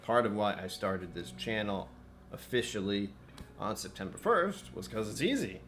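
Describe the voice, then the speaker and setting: A man's voice: on the low side, expressive, normal speed, a bit bright. A man hosting a casual livestream, chatting with viewers and muttering to himself while he fixes his settings. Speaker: livestream host. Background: faint background music.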